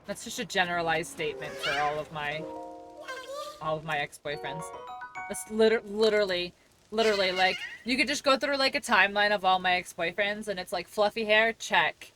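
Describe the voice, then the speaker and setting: A woman's voice: mid-range voice, steady tone, a little fast, over music. A young woman streaming a game, chatting loosely with her viewers and rambling with easy laughter. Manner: chatty, rambling and laughing, reads chat aloud. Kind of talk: casual live-stream chat while gaming. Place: at home.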